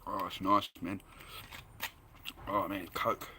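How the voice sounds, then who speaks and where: A man's voice: deep voice, flat delivery, slow, very noisy. A rambling, chatty man with an Australian accent, talking casually to his viewers and laughing easily. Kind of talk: casual chat to camera.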